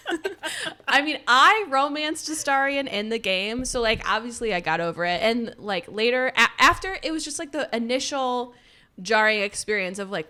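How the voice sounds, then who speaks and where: A woman's voice: a little high, animated, normal speed, sharp tone. A woman co-hosting a book podcast, chatty and playful, telling personal anecdotes. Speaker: podcast co-host. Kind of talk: casual chat, book review.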